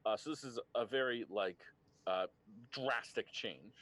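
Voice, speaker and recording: A man narrating a tabletop game as game master, often pausing on ums and uhs. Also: fairly low pitch, a bit bright. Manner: hesitant, many ums and uhs.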